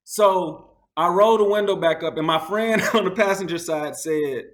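A man in casual conversation tells wild road stories with a lot of animation. His voice sits a touch high and climbs further whenever he acts out what someone said. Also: moderate pace. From United States. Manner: animated, acts out quotes in a raised voice. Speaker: guest. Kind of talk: casual storytelling.

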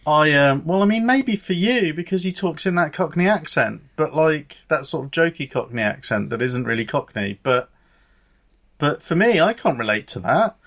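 A man hosting a podcast in casual chat, dry and deadpan, with hesitant ums. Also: on the high side, moderate pace. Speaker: podcast host.

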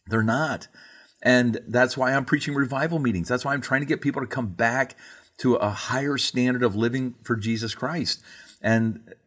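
Husky guy preaching on a talk show, earnest, keeps repeating the point. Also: medium pitch, steady tone, normal speed, fairly bright tone. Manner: earnest, emphatic, repeats himself. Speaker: co-host, preacher. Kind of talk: casual religious discussion.

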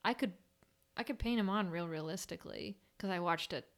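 A young burn-unit nurse talks candidly in a casual conversation, rambling and saying "like" a lot. Her voice is fairly low and her delivery brisk.

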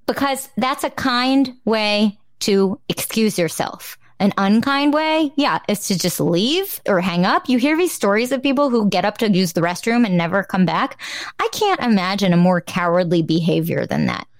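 A woman's voice: mid-range voice, expressive, normal speed, dry recording, studio quality. A woman in her forties, a dating coach, talking in a casual interview with emphatic, joking delivery.

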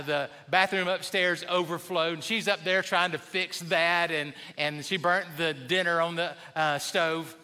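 Bright-voiced preacher in a reverberant hall. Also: male voice, sits high, clean tone. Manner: conversational storytelling with humor. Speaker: pastor. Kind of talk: sermon. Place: church sanctuary.

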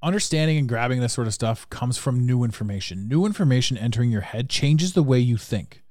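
Frank, earnest podcast host. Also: male voice, mid-range voice, mellow, no room sound, studio quality. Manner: frank and earnest, swears casually. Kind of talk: motivational podcast monologue.

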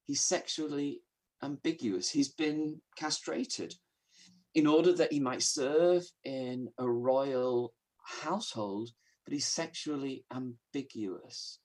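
A man preaching a sermon in an earnest, emphatic way, moving between hushed and raised delivery. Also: medium pitch, slow pace.

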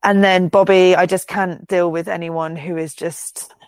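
A woman's voice: lowish voice, flat delivery, a little slow, darkish tone, smooth, dry recording. A woman, co-hosting a podcast in casual chat, swearing freely and laughing often as she tells stories. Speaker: podcast co-host.

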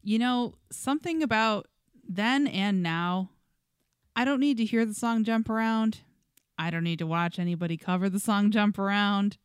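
A woman co-hosting a podcast, chatting in a relaxed way and giving frank opinions. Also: medium pitch, normal speed, clean tone, no room sound, studio quality. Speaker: podcast co-host. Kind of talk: casual chat about music.

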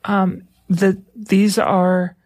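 A woman co-hosting a radio talk show, chatting casually with halting restarts and easy laughter. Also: medium pitch, level tone, a little mellow. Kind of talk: casual on-air chat.

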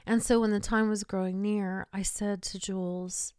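A woman's voice: mid-range voice, measured pace, hardly any pauses, darkish tone, clear, resonant tone, no room sound, clean studio sound. An older woman hosting a podcast, telling a personal story with feeling and sometimes dropping to a whisper. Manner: emotional, drops to whispers in tender moments. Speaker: podcast host.

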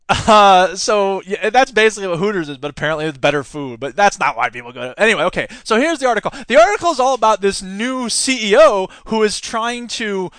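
Man, podcast host, high voice, sarcastic, laughing often, dry close sound. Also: lively intonation, fairly quick, few pauses, a bit bright, no echo. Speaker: teacher. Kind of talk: casual commentary.

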